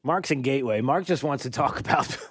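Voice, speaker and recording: A man from New York hosting a call-in radio talk show, chatty and rambling with quick asides. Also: mid-range voice, husky, no room sound.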